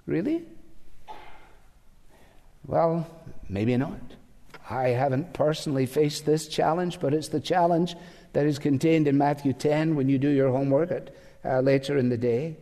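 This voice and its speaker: A man's voice: on the high side, a little slow, long pauses, dark tone. A man preaching a sermon as pastor, emphatic and full of rhetorical questions. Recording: long hall reverb.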